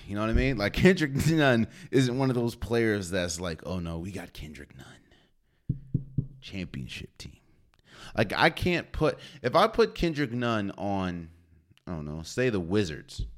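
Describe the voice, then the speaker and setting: A man hosting a solo sports podcast, talking casually and opinionated, with slang and rhetorical questions. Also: fairly low pitch. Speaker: podcast host.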